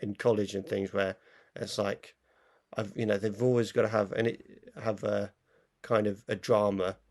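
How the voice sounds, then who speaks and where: A man with a gravelly, fry-tinged voice co-hosts a film review chat. He talks loosely, circling his point with fillers and restarts. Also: fairly low pitch, little pitch movement, moderate pace. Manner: rambling, full of fillers and restarts. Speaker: film review show co-host. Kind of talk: casual chat.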